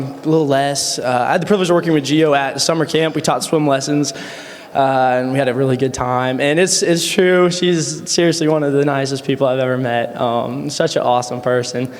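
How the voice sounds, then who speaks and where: A young man, a friend of the groom, giving a casual wedding toast full of fillers and stories in a reception hall. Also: fairly high pitch. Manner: casual, rambling, with many fillers and laughs. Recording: echoey hall sound.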